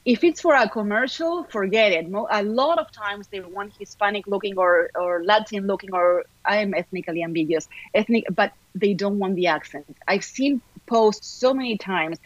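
A middle-aged actress, chatting in an upbeat way as a podcast guest, talking fast in bursts. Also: female voice, medium pitch, no echo, muffled recording. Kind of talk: casual podcast chat.

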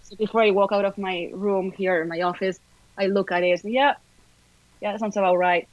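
A middle-aged actress, chatting in an upbeat way as a podcast guest, talking fast in bursts. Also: female voice, medium pitch, fairly even intonation, no echo, highs cut off. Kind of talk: casual podcast chat.

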